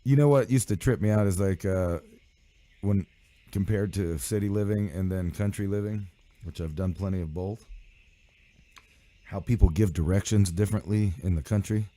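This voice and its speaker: A man's voice: low-pitched, normal speed, mellow. A man hosting a live radio show in loose, rambling, profane banter, his voice sick. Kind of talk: casual live stream and radio chat.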